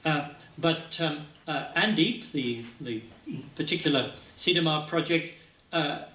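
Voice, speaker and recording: A man giving a scientific talk at a symposium, speaking haltingly with many filler sounds, recorded from a distance in a lecture hall. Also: a little high, pushed and bright. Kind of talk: conference presentation. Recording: echoey hall, speaker far from mic.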